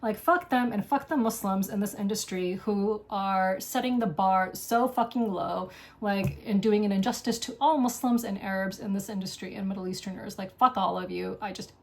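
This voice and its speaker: A woman's voice: mid-range voice, moderate pace, vocal fry. A woman hosting a board game show, delivering an angry, impassioned, profane solo rant. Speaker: board game video host. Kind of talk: solo ranting monologue.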